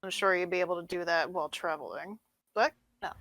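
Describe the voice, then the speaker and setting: A woman's voice: lowish voice, quick pace, fairly bright tone, no echo. A woman playing in a tabletop game, casual and playful, describing what her character does. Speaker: player. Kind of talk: casual role-play chat.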